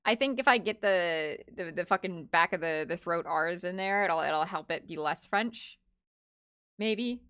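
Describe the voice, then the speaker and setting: A woman's voice: on the low side, measured pace, fairly bright tone, clean tone. A young woman streaming a game, chatting casually with lots of restarts and swearing. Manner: rambling, stammering, many restarts.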